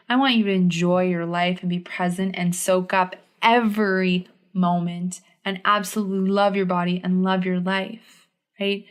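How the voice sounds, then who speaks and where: Woman, young adult, podcast host, earnest, encouraging, repeats phrases, mid-pitched voice. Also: fairly bright tone. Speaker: podcast host and health coach. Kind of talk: solo podcast monologue.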